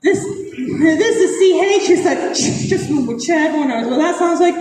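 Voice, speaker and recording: Bubbly high-voiced woman in echoey hall. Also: animated, moderate pace, darkish tone, distant mic, faint music behind. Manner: upbeat, bubbly, laughs often, calls counts and drills the crowd. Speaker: speaker teaching a language to an audience. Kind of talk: lively convention talk. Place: large convention hall. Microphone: phone in the audience. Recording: echoey hall recorded from afar on a phone. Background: crowd repeating and reacting.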